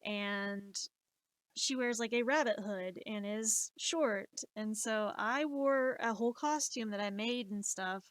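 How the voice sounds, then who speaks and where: A woman in her late twenties telling stories on a live stream, animated and exasperated, swearing freely. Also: mid-range voice, slow, dry recording. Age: 20s. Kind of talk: casual storytelling.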